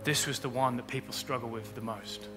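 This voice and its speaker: A man preaching a sermon as pastor, building to loud emphatic peaks. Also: medium pitch, steady tone, a little fast. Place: church auditorium. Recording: long hall reverb with faint music.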